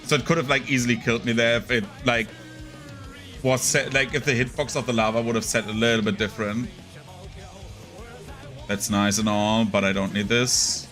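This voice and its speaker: A man's voice: mid-range voice, fairly even intonation, normal speed, pauses often, fairly bright tone, soft background music. A young man casually commenting on his gameplay, rambling and chatty with lots of fillers. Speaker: gaming streamer.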